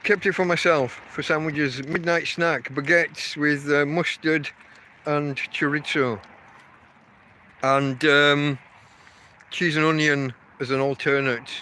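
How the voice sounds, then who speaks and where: A man's voice: fairly high pitch, fairly even intonation, slow, bright, forceful tone, a little hiss or hum. An English man hosting a casual live stream while walking his dog outside at night, rambling and chatting to his dog between thoughts. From England. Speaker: podcast host.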